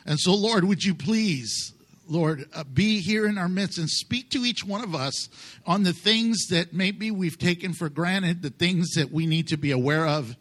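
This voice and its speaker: Bright high-voiced man preaching. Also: a little slow. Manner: conversational, emphatic, jokes with congregation. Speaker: pastor. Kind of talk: sermon.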